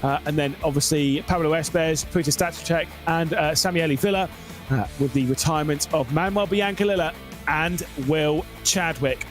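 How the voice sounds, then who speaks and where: Excitable high-voiced male race commentator. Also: normal speed, soft background music. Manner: excitable, with frequent filler sounds. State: losing his voice. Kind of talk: live esports race commentary.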